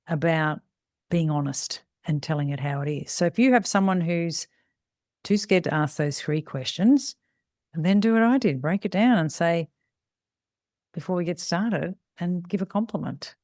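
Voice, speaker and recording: A woman's voice: on the low side, darkish tone, no echo, studio quality. A middle-aged woman, a salon business mentor, talking bluntly and casually and acting out bits of dialogue, with the odd swear word. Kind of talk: casual podcast talk.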